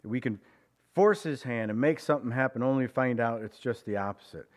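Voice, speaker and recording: Pastor, male, mid-pitched, preaching with rising emphasis and sudden hushed, drawn-out lines. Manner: preaching with swings between raised emphasis and hushed, slowed phrases; acts out prayers and quoted speech in his own voice. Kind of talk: sermon.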